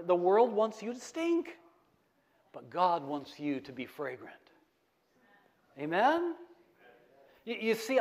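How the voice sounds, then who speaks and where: A man's voice: high-pitched, highs cut off. A middle-aged man preaching a sermon in a church, asking the congregation questions and waiting for their answers. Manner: call-and-response preaching, asks the congregation questions. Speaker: pastor. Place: church sanctuary.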